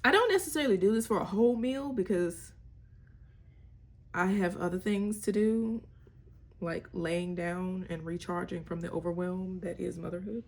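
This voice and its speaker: A woman's voice: lowish voice, normal speed. A young mother, chatting candidly and wryly about parenting in a casual vlog. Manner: candid, wry, slangy, breaks into playful voices. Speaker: mother sharing parenting tips. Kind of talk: casual chat.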